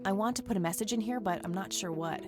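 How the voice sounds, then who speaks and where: An actress voicing a blunt young woman detective in a video game, with flat, matter-of-fact delivery. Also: mid-range voice, fast, lightly acted. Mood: dry. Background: game music.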